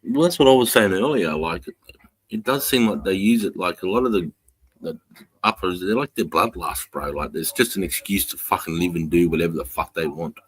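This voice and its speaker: Low-voiced co-host, easygoing slangy banter. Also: male voice, fairly quick, breathy edge, dry recording. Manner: easygoing, swearing, says bro and mate. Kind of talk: casual chat.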